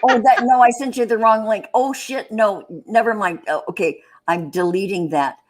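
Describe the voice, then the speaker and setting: An older woman co-hosting a casual live-stream chat, teasing and bawdy with quick asides. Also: on the high side. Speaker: co-host.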